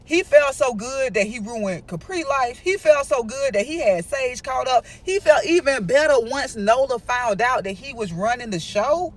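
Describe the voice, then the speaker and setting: A woman's voice: high-pitched, lively intonation, moderate pace, few pauses. A woman narrating a storytime in a chatty, emphatic way, breaking off to lecture her listeners.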